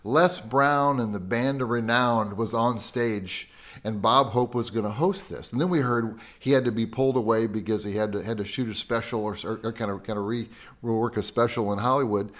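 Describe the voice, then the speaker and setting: Older American guest, lively storyteller. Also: male voice, medium pitch, normal speed. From United States. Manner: lively storyteller who quotes people in raised voices. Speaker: podcast guest. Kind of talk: casual storytelling chat.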